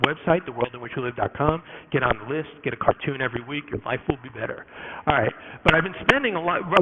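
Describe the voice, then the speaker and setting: A man giving a live conference talk to an audience, animated and jokey, with quick asides and many restarts. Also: medium pitch, muffled recording, very noisy. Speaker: conference speaker. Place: conference room before an audience.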